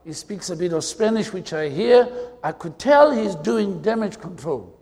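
A South African man preaching with a very high voice, his words ringing in a long hall reverb. He tells funny stories from the pulpit and stretches out key words for effect. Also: lively intonation, darkish tone. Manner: humorous storytelling with drawn-out emphasis. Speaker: pastor. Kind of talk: preaching a sermon.

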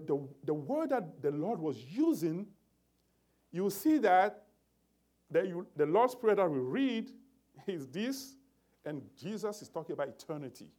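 Animated male preacher, lively pitch. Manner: animated, emphatic preaching with restarts. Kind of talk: sermon.

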